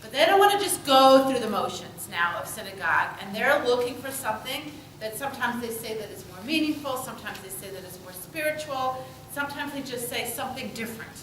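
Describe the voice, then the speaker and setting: A woman's voice: on the high side, expressive, fairly quick, noisy background. A woman rabbi leading a group discussion, affirming people's answers and joking lightly. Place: synagogue meeting room. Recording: echoey room picked up from far off.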